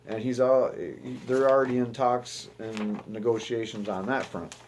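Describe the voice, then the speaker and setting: A man's voice: mid-range voice, flat delivery, unhurried, a little mellow, slight background noise. A young man from the United States giving rambling, profane news commentary as the host of his own show, often restarting his sentences.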